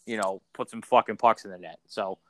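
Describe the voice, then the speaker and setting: A man's voice: on the low side, fairly even intonation, a little fast, sharp tone, no echo. A man co-hosting a casual podcast chat, rambling and swearing, with many restarts. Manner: rambling, profane, frequent restarts. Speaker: podcast co-host.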